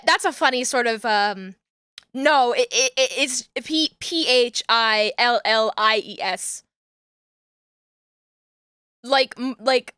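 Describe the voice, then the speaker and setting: A young woman streamer, chatting casually and rambling, with bursts of excited yelling. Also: fairly high pitch, no room sound, clean studio sound. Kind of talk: casual livestream chat while crafting.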